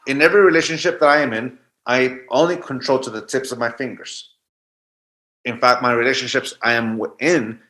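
A man's voice: medium pitch, fairly bright tone. A man in his forties, a guest telling a reflective personal story and often restarting mid-thought. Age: 40s. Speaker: guest speaker.

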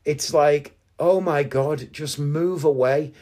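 A man's voice: on the high side, takes it slowly, a little mellow. A man telling a story as a casual monologue in an indignant, sarcastic ranting way. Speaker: podcast host.

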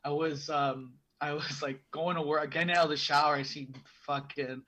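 A man's voice: on the high side, steady tone, normal speed, sharp tone, dull audio. A young man co-hosting a podcast in casual chat, rambling with many restarts. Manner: rambling, full of restarts and fillers. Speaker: podcast co-host.

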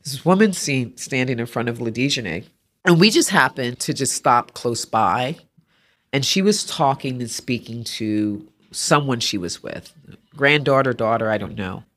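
A woman's voice: rumbling low, moderate pace. A woman artist, a podcast guest, telling stories in conversation and acting out the voices of people she quotes. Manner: animated storyteller, acts out quoted voices. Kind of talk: interview conversation.

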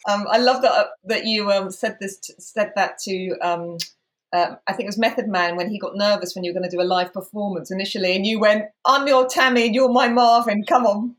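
Woman interviewer, casual, hesitant, lots of ums, mid-pitched voice. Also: fairly even intonation, fairly quick. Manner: hesitant, with many ums before a question.

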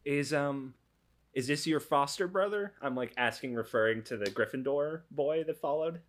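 A young man playing a tabletop role-play, chatty and quick to laugh, often restarting his sentences. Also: fairly high pitch. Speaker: player.

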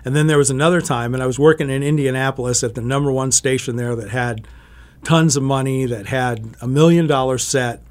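A man's voice: medium pitch, fairly even intonation, fairly quick. A middle-aged man, a TV meteorologist, chatting casually and telling stories, often restarting his sentences. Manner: rambling, self-correcting storyteller. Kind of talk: casual interview chat.

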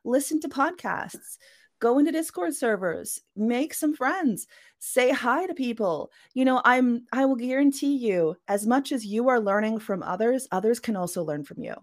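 A woman's voice: on the high side, animated, moderate pace. A woman author being interviewed on a podcast, talking casually and acting out little quoted voices as she explains her point. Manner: chatty, acts out quoted voices. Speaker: author guest.

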